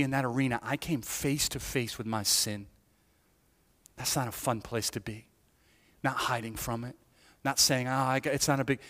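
A man's voice: medium pitch, fairly bright tone. A man preaching a testimony-style sermon, jumping into voices of his younger self as he tells the story. His voice sits in the middle of the male range. The sound carries a long reverb, as from a large hall. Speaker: pastor.

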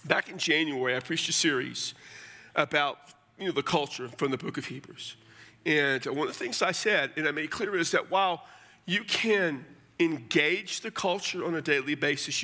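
Male pastor, sermon delivery, slightly high and bright, emphatic, rhetorical. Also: moderate pace. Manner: emphatic preaching with rhetorical questions.

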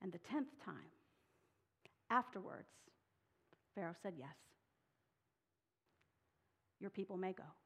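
A woman's voice: medium pitch, lively intonation, slow pace, pauses often, a bit bright, breathy edge. A woman preaching a sermon, reading scripture dramatically and voicing the people she quotes with rising intensity. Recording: long hall reverb.

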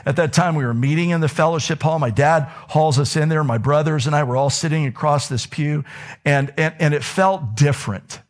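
A man preaching a sermon as a pastor in a church, telling stories with wide swings in pitch and dropping now and then to a whisper. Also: fairly quick. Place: church sanctuary.

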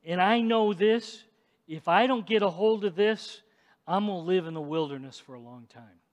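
A male pastor preaching an emphatic sermon in a church, swinging between loud declarations and hushed asides. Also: sits high, normal speed. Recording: long hall reverb.

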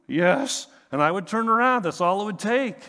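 A man's voice: high voice, animated, fast, sharp tone, long reverb tail. A man preaching a sermon as pastor, conversational and humorous, often asking rhetorical questions.

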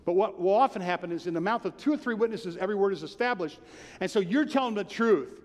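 A man preaching a sermon with earnest, animated delivery and many rhetorical questions. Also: sits high, quick pace. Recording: long hall reverb.

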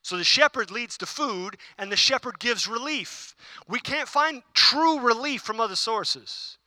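Bright-voiced man preaching a sermon. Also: extremely high pitch, expressive, measured pace, no room sound, studio quality. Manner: repeats key phrases, asks the congregation questions. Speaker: pastor. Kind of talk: conversational sermon.

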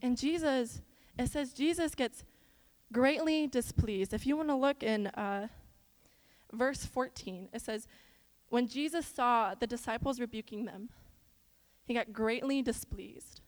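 A young woman from Iowa tells stories to a church audience in a high, smooth voice. She is animated and chatty, and talks straight to her listeners with asides. Long reverb from a church hall carries every word. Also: a little slow. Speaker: church speaker. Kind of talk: chatty sermon with storytelling.

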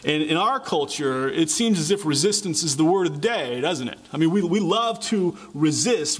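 Male pastor, sermon delivery, earnest, rhetorical questions, repeats words while building a point, somewhat high voice. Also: expressive, moderate pace, few pauses, breathy edge.

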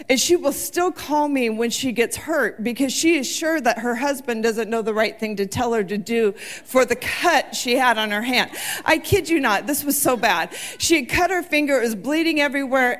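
Woman in her forties, preaching, earnest storytelling, fairly high voice. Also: moderate pace. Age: 40s. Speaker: church speaker. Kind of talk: sermon.

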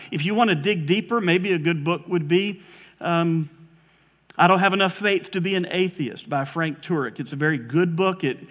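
High-voiced man preaching a sermon. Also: fairly bright tone. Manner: earnest preaching, slows for emphasis, rises dramatically on quotes. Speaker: pastor.

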